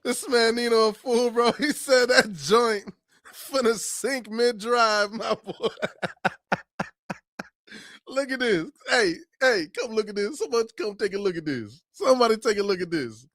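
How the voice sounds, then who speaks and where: A man's voice: extremely high pitch, expressive, measured pace, fairly bright tone, no echo, clean studio sound. A man hosting a sports channel, giving casual, laughing, slang-filled reactions to a news clip.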